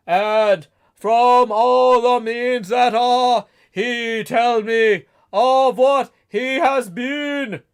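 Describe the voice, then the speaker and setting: A streamer voicing Van Helsing, an elderly male vampire-hunting professor, with slow, booming, stilted old-fashioned speech in a dramatic reading. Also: clear, resonant tone.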